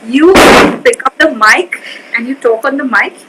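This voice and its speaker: A woman's voice: high voice, unhurried, heavy background noise. A woman interviewing a pageant guest over a live video call. She is effusive and fills the talk with affirming remarks.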